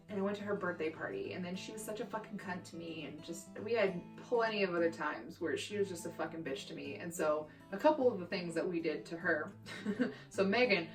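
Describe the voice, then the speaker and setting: A young woman from Texas telling childhood stories in a brash, profane, animated way for her vlog. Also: fairly low pitch. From Texas, USA. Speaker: vlogger. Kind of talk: storytime vlog. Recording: roomy echo, distant mic, faint guitar music.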